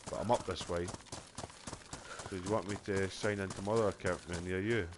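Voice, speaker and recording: Scottish bloke streaming a game, low voice, swears a lot, rambles, bit of faint hiss. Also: male voice, fairly even intonation, brisk. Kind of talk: casual chat while gaming.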